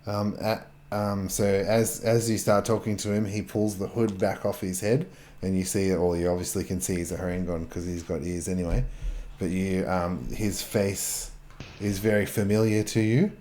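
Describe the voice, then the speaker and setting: A man narrating a tabletop game as game master, halting with fillers and restarts. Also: sits low, steady tone, mellow.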